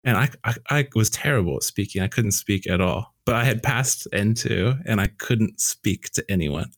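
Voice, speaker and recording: A man with a lowish voice recorded dry and close shares stories in casual chat. He grows animated when acting out what people said. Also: normal speed, dry recording.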